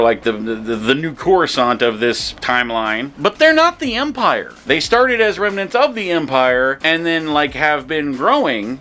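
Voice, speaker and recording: A young adult man hosting a sarcastic movie critique, ranting with an animated, mocking manner. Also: on the high side. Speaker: movie review host. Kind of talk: sarcastic film critique monologue.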